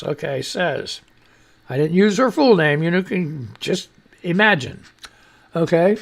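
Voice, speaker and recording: A male radio host rambling through the news, reading items aloud and spinning off into jokey tangents. His voice sits high for a man, with a gravelly rasp and wide swings in pitch. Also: expressive, moderate pace. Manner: rambling, joking, reads headlines and posts aloud. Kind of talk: rambling comedic news commentary.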